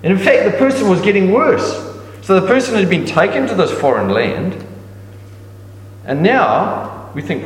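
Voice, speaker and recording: A man giving a sermon in a conversational preaching style, leaping up in pitch to stress a point and often restarting his sentences. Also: big pitch swings, normal speed. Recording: echoey hall with long reverb.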